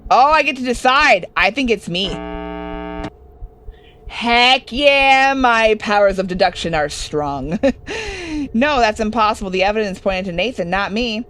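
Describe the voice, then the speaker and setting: A woman's voice: medium pitch, animated, a little slow, long pauses, a bit bright, soft background music. A young woman hosting a horror game playthrough, reading the game text aloud with joking asides. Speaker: gaming video host. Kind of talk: casual let's-play commentary.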